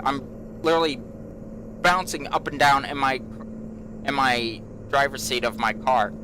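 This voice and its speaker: Guy rambling through a story for his channel, slow and draggy, lots of you know, noisy background hiss. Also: mid-range voice, fairly even intonation. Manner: rambling, repeats himself, many fillers. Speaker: gaming channel host. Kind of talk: casual storytelling vlog.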